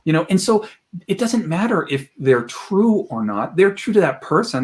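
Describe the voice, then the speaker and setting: A man appearing as an expert guest on a podcast, telling stories in an animated way and slipping into quoted voices as he talks. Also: sits high, moderate pace. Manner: animated, jumps into quoted voices, laughs while talking. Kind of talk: podcast interview storytelling. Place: home room with collected objects.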